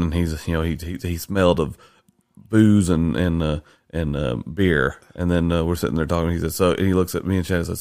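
A man tells a story in a low, gravelly voice, animated and laughing as he goes. The recording is dry and close-miked. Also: fairly quick, no echo. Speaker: podcast host interviewing his father. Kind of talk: casual chat.

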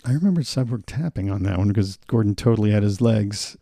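Gravelly, low-voiced agreeable man. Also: animated, fast, mellow, dry recording, clean studio sound. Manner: agreeable, laughs often, chimes in. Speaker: podcast co-host. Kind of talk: casual podcast chat.

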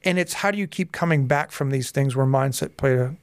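Smooth-voiced man telling his story. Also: mid-range voice, fairly quick, dry recording. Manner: lively storyteller who acts out dialogue. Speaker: guest, hypnotherapist and coach. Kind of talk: podcast interview, personal storytelling.

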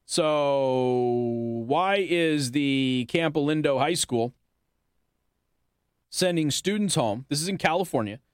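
A man's voice: a little high, animated, unhurried, pauses often, no echo, studio quality. A man hosting a talk radio show, making his points with pointed rhetorical questions and hiccuping now and then. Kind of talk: opinionated talk radio monologue.

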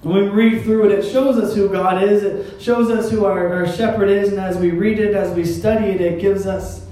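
A man's voice: high-pitched, steady tone, normal speed, mellow. A man preaching a sermon as pastor, in a conversational style with wry, self-deprecating asides. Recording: echoey hall, mic at a distance.

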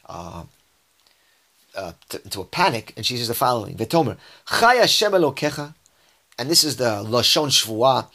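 A man's voice: medium pitch, very animated, normal speed, pauses often, pushed and bright. A man giving a verse-by-verse scripture lesson. He reads Hebrew verses aloud and then explains them in English, often restarting his sentences. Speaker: Bible teacher.

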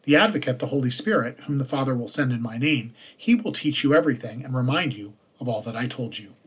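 A man, a priest, reading the day's scripture passages aloud in a measured liturgical manner. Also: mid-range voice, expressive, breathy edge.

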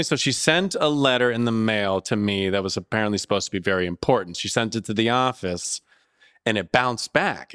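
A man's voice: on the low side, fairly bright tone, clean tone, no echo, clean studio sound. A man co-hosting a podcast, casually telling a story and acting out both sides of a phone call. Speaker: podcast co-host and landlord.

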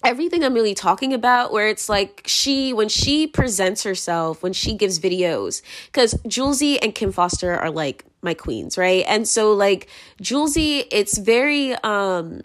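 A woman's voice: mid-range voice, lively intonation, normal speed. A young adult woman hosting a casual podcast monologue, rambling and filler-heavy, laughing often while moving around indoors. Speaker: podcast host.

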